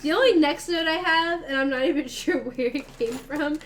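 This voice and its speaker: A woman hosting a casual book club podcast, chatting and laughing, with loud outbursts. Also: high-pitched, normal speed, slight background noise. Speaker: podcast host.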